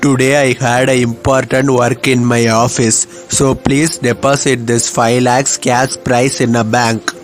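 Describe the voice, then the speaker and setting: A man's voice: medium pitch, flat delivery, a little slow, few pauses, faint music behind, natural voice. A man voicing a stern, hot-tempered elder brother in a cartoon, speaking in commands and scolding.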